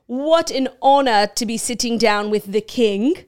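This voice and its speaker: A woman's voice: a little high, unhurried, darkish tone, clear, resonant tone, lightly acted. A woman playing a boastful, scheming royal prince. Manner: mock-grand, teasing. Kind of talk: comic costume role-play.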